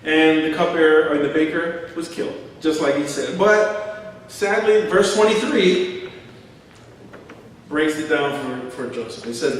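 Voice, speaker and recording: A middle-aged man preaching a sermon, his voice pitched a little high and heard from some distance in a big echoing church hall. He tells stories with a laugh, slipping into quoted voices. The room's long reverb trails every phrase. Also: moderate pace, pauses often, a little hiss or hum. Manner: storytelling, acting out quotes, chuckling. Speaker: pastor. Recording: echoey hall from far off.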